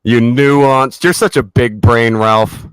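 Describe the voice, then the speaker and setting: A man's voice: mid-range voice, steady tone, slow, clear, resonant tone, no echo. A man hosting a livestream, ranting and mocking someone with sarcastic, profane taunts. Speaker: livestream host.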